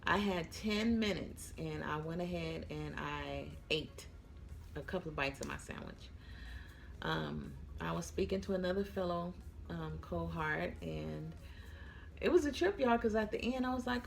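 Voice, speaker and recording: A woman's voice: fairly low pitch, unhurried, vocal fry, slight background noise. A young woman flight attendant chats casually to her viewers, tired and yawning, calling them y'all. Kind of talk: casual chat to camera.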